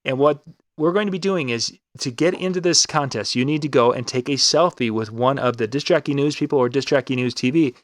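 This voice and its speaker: A man's voice: medium pitch, a little fast, dry recording, studio quality. A man co-hosting a casual live web show, talking in a loose, rambling way with frequent restarts as he promotes a contest. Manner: rambling, restarts and fillers, upbeat promo talk. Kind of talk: casual live-stream chat.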